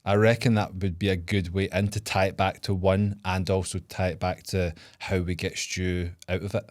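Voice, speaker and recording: A man's voice: sits low, level tone, normal speed, no room sound. A man co-hosting a casual podcast, laughing often as he lays out long fan theories. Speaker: podcast co-host. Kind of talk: casual chat.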